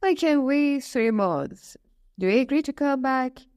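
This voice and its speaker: Storybook: woman doing a stern angry beast, slow, scolding. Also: high-pitched, animated, darkish tone. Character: huge angry male beast, stern and proud.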